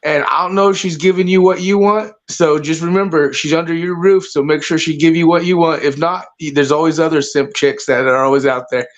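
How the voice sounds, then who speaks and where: A man's voice: fairly high pitch, steady tone, fairly quick, few pauses, lo-fi sound. A man calling in to a livestream, confrontational and mocking, swearing freely. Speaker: call-in guest. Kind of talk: casual livestream chat.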